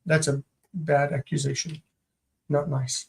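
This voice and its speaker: A man teaching Hebrew grammar in a live stream, slow and patient, repeating each word several times. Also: fairly high pitch, creaky, a little mellow.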